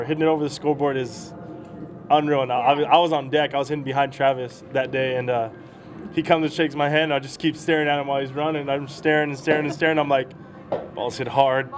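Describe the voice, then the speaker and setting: A young man talks at a rapid clip, rambling through baseball stories with easy laughter. His pitch sits in the middle of the male range. He is a prospect chatting with an interviewer. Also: level tone. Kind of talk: casual storytelling interview.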